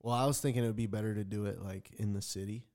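A man's voice: fairly low pitch, steady tone, fast, warm tone. A young man co-hosting a podcast, laid-back and joking in casual chat, tossing out silly ideas. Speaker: podcast co-host.

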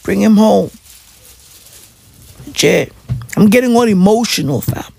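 A woman's voice: mid-range voice, expressive, a little slow, creaky, dark tone, breathy edge. A woman ranting casually as a football fan, slangy and repetitive, pleading over and over. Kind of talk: casual rant to camera.

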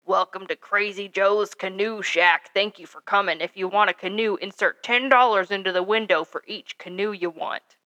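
Brusque shopkeeper man in a storybook, a woman reading his lines, gruff, slow and flat, bright voice. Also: mid-range voice, dull audio, lightly acted. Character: gruff deep-voiced man running a canoe shack.

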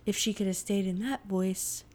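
A woman's voice: mid-range voice, fairly even intonation, normal speed, a little mellow. A woman co-hosting a casual chat, opinionated and explaining singing technique in detail.

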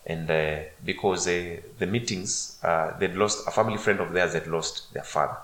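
Podcast guest, male, lowish voice, roomy echo; animated storyteller full of uhs and restarts. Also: moderate pace. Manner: animated, many fillers and restarts. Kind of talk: storytelling a personal testimony.

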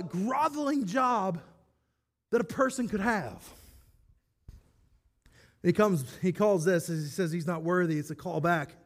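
A male pastor delivering a sermon with eager, conversational energy. His voice sits high for a man. He slips in self-deprecating jokes between his points. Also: fairly bright tone.

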